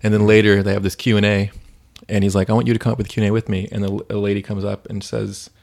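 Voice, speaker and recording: A man's voice: on the low side, level tone, racing, gravelly, a little mellow. A man co-hosting a faith podcast, chatting casually and retelling stories with many fillers. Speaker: podcast co-host.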